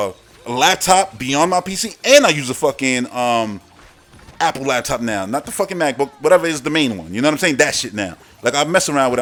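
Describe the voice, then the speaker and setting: A man's voice: fairly high pitch, a bit bright. A man hosting a gaming channel, ranting in a brash, boastful, heavily profane casual monologue.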